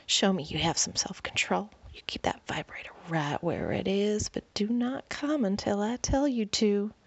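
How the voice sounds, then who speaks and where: A woman puts on a commanding male lover in whispered role-play, dropping her voice low into a teasing, controlling murmur. The whisper is husky and a little gravelly. The recording is dry and slightly dull, as if from a modest home mic. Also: normal speed, no echo.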